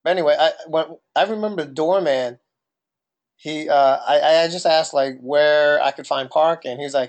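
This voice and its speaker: Inquisitive New Jersey man, a bit higher. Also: normal speed. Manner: questioning, tells anecdotes. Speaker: podcast co-host. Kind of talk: casual chat.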